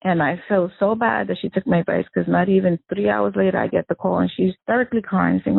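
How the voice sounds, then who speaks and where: A woman tells her late sister's story, slipping into the voices of the people she quotes. Her voice is gravelly and husky, with a dry, close sound. It comes through a narrow, tinny phone line. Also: medium pitch, quick pace, hardly any pauses, no room sound. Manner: animated storyteller who acts out quoted dialogue. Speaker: victim's sister, interviewee. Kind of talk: emotional first-person recollection.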